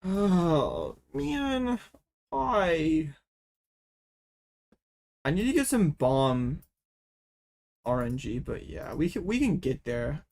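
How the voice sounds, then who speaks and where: Young guy yapping thru his card game matches, mid pitch, excitable and dramatic. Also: measured pace. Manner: excitable, dramatic mock complaints. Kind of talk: casual gameplay commentary.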